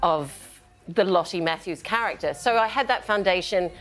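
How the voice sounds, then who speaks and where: A middle-aged woman with a New Zealand accent, an actor guest on a talk show, telling lively stories and laughing often. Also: fairly low pitch, normal speed, faint music behind. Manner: animated storyteller, laughs often.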